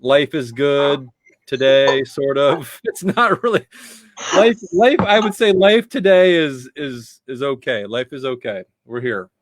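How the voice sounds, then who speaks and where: A man speaks as a guest on a video call. He sounds relaxed and self-deprecating and often trips over his own words. His voice comes through dry, with no sound of the room. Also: medium pitch, unhurried, no room sound. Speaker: guest, mental health advocate. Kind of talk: casual interview talk.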